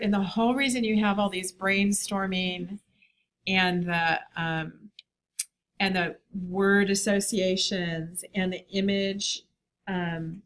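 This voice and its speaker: A woman's voice: mid-range voice, a bit bright. A woman teaching a design class, talking in a chatty, enthusiastic way. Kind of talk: classroom lecture.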